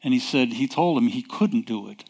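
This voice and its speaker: A man preaching a sermon, emphatic and deliberate, posing rhetorical questions and answering them himself. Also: mid-range voice, animated, darkish tone.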